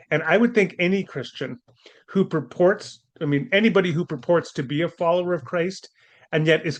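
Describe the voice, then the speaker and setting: A man with a somewhat high-pitched voice delivers a commentary monologue as host. He sounds indignant and scornful, and he drives his points home with pointed rhetorical questions.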